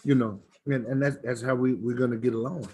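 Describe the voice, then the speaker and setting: A man's voice: mid-range voice, steady tone, fairly quick, darkish tone, slight background noise. A middle-aged man, a smokehouse owner telling folksy stories in a preacherly way. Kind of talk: storytelling chat.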